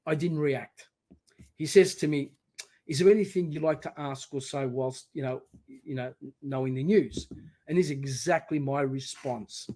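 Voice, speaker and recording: A middle-aged man telling his personal story as a podcast guest, emphatic and animated, often quoting his own words. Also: mid-range voice, normal speed.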